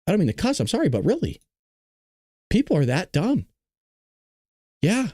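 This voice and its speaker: A man's voice: sits high, huge pitch swings, normal speed, long pauses, warm tone, breathy edge, dry recording, clean studio sound. A man hosting a casual reaction commentary, sarcastic and profane. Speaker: host.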